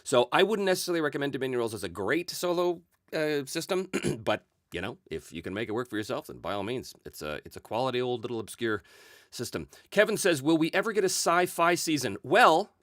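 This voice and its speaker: A man's voice: mid-range voice, sing-song, fairly quick, fairly bright tone, no echo, clean studio sound. A man hosting a solo tabletop role-play show, chatting casually as he reads out and answers viewer comments, chuckling often and using many fillers. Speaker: solo RPG show host answering chat.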